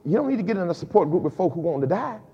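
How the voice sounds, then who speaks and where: A man a sermon as pastor, lively and emphatic, with frequent repeated words and casual dialect. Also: sits high, very fast, husky. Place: church sanctuary. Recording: dull lo-fi recording with long hall reverb.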